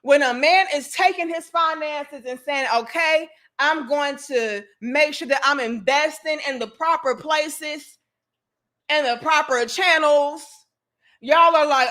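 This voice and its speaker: High, bright-voiced woman ranting on stream. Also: slow. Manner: profane, emphatic, exasperated ranting. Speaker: host. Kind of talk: livestream rant reading chat comments.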